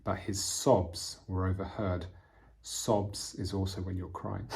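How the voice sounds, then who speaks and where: A man with a very low voice walks through storybook vocabulary like a patient English teacher. He explains each word in plain terms and often pauses on fillers as he thinks. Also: fairly even intonation, gravelly, a little mellow. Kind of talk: vocabulary lesson reading from a storybook.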